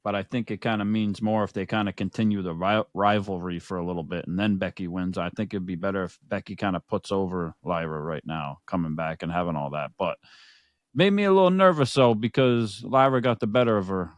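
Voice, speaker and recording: A laid-back man co-hosting a wrestling chat show, with a lowish voice recorded dry and close. He rambles through his picks with fillers and repeats his lines. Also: a little fast, no room sound. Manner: easygoing, lots of fillers and repeated phrases. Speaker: podcast co-host. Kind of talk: casual wrestling prediction chat.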